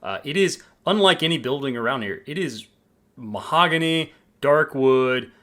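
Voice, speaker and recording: A game master narrating a tabletop game, pausing often with ums. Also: medium pitch, lively intonation, fairly bright tone. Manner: halting, lots of ums.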